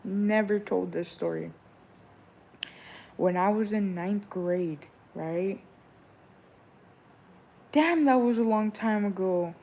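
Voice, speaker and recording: A young woman in her twenties talks straight to her viewers in a relaxed, rambling vlog chat. She hands out advice and stories, looping back with "all right?" and "you know" as she goes. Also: medium pitch, slow, vocal fry, pauses often. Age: 20s. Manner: chatty, repeats "all right?", loose and rambling. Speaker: vlogger. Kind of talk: casual chat giving advice.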